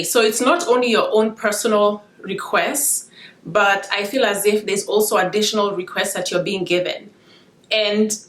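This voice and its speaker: A woman speaks in a middle-pitched voice, sharing her dreams and reading verses in an informal devotional talk. She sounds emotional, as if holding back tears, and often stops, restarts and apologizes. The room around her is bare and echoey. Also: a bit bright. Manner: emotional, halting, with restarts and asides. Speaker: Christian video blogger sharing dreams.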